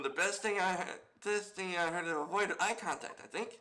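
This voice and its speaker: High, bright-voiced gamer. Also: male voice, a little fast, hardly any pauses. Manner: chuckles often, reads game text aloud. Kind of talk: casual let's-play commentary.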